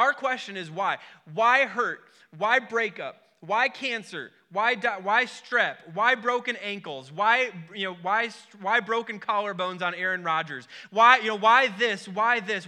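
A young adult man preaching a sermon, opening with an animated, self-deprecating story. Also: sits high. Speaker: pastor.

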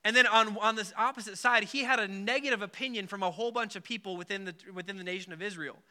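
A man's voice: sits high, fast, pushed and bright. A man preaching a casual sermon, talking in a loose conversational way with many filler words and acting out the voices in the story. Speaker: pastor.

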